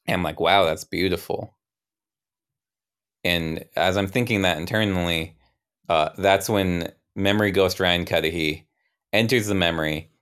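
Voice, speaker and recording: A man's voice: deep voice, a bit bright, smooth. A young man improvising a tabletop role-play, narrating a memory in a rambling, self-interrupting, wry way. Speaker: player narrating his character.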